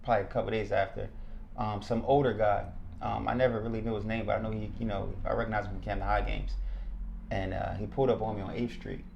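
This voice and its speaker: A man, a former state trooper, telling his story as a podcast guest, animated and acting out what people said. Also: lowish voice, quick pace, creaky, lo-fi sound, a little hiss or hum. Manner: animated, acts out quotes. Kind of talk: casual storytelling.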